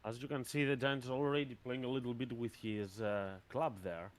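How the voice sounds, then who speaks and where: A man running a tabletop game as game master, narrating scenes in a measured way. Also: medium pitch, steady tone. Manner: measured, descriptive narration with fillers.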